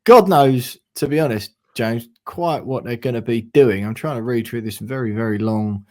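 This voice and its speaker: A man's voice: medium pitch, moderate pace. A man hosting a casual football podcast, chatty and easygoing, who laughs often. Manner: chatty, laughs easily, says mate. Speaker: podcast host.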